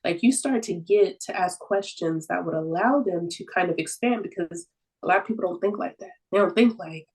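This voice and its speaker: A woman's voice: on the low side, normal speed, low-quality recording. A woman talking as a podcast guest in an earnest, reflective way, with lots of "like" fillers and easy laughs. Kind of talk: casual conversational podcast talk.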